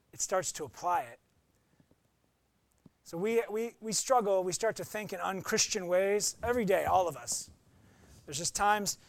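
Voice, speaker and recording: A man's voice: sits high, vocal fry, no room sound. A young adult man preaching a conversational sermon as pastor, often acting out quoted voices.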